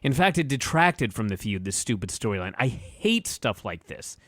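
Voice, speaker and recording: A man's voice: medium pitch, sing-song, normal speed, a bit bright, no room sound, clean studio sound. A man co-hosting a wrestling podcast, blunt and opinionated, ranting with casual profanity. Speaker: podcast co-host.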